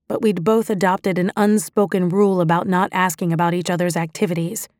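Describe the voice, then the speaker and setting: A woman narrating a first-person novel in a steady, introspective storytelling voice. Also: medium pitch, no echo, clean studio sound. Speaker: audiobook narrator.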